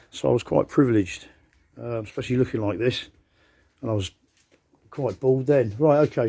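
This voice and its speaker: A man's voice: mid-range voice, dark tone. A middle-aged man, talking to his phone camera in a casual, rambling monologue full of hesitations and self-mocking humor. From England. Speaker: vlogger.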